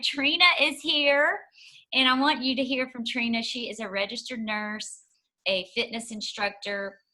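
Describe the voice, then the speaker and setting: A bright, forward-voiced woman hosts a live online show. She talks with eager enthusiasm as she thanks one guest and announces the next. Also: mid-range voice, low-quality recording. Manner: enthusiastic, warmly promoting. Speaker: host.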